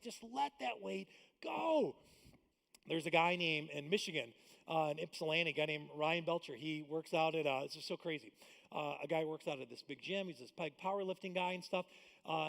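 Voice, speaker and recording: A male pastor with a high, bright voice preaches in a large church auditorium, his words ringing out with a long hall reverb. He talks conversationally, tossing in quick jokes, then swings from loud, emphatic lines to hushed, intimate asides. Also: gravelly. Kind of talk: sermon.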